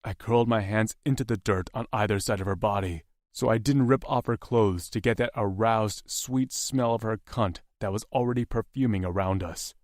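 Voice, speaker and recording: A man reads a romance audiobook in the first person with a calm, steady delivery. His voice sits on the low side. The recording is dry and close. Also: normal speed, hardly any pauses, no echo. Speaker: audiobook narrator.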